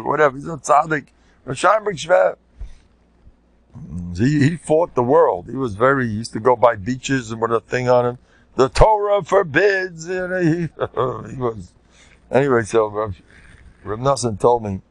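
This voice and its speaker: An older rabbi with an American Orthodox Jewish English accent tells stories in an informal Torah class. His voice sits at an ordinary pitch, and he sometimes breaks into loud shouted quotes. The recording is dry and close, with almost no room sound. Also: no room sound. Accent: American Orthodox Jewish English with Yiddish words. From United States.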